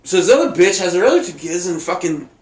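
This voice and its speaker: A man's voice: sits high, sing-song, fast talker. A man hosting a podcast, rambling and cursing through a laughing, drunken casual chat. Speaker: podcast host. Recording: echoey room with faint noise.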